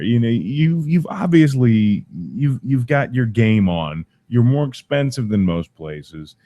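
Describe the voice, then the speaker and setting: A man's voice: on the low side, a little mellow, no echo. A father ranting angrily to camera, swearing constantly and sounding fed up. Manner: profane, exasperated. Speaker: parent. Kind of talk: angry rant to camera.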